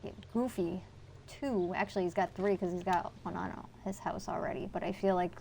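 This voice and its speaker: A woman's voice: lowish voice, fairly even intonation, normal speed, vocal fry, mellow, a little hiss or hum. A woman game streamer chatting casually with her viewers while she plays, blunt and swearing freely. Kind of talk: casual live-stream chat.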